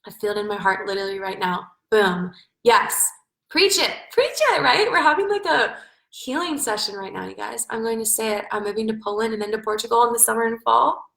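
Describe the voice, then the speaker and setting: A woman's voice: a little high, sharp tone, reverberant, low-quality recording. Effusive woman coaching on a live stream. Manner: effusive, spiritual, swears casually.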